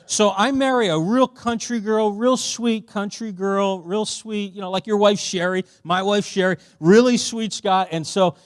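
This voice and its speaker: Middle-aged man, church workshop speaker, fairly high voice, dry close sound, chatty and boisterous. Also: a little slow, few pauses, clear, resonant tone, no room sound. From Philadelphia. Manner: animated, conversational, loud and boisterous by his own account; casual, with many fillers and asides to the audience.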